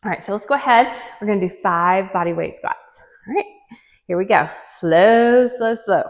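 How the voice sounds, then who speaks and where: Woman, fitness instructor, encouraging coaching, counts reps, a bit breathless, mid pitch, reverberant room. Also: lively intonation, fairly quick, vocal fry. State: out of breath at times. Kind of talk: guided home workout coaching. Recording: long reverb, echoey room.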